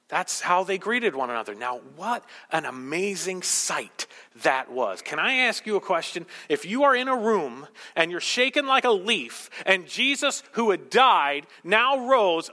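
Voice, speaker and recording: A man's voice: sits high, bright, forceful tone, big-room sound. A man preaching a sermon as a pastor, teaching through a passage and asking rhetorical questions.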